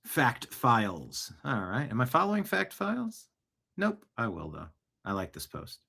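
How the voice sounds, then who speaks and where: Bright-voiced man hosting a commentary show. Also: mid-range voice, very animated, measured pace, vocal fry, long pauses, breathy edge. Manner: reads posts aloud with chuckles and asides. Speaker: host. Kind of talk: casual news commentary show.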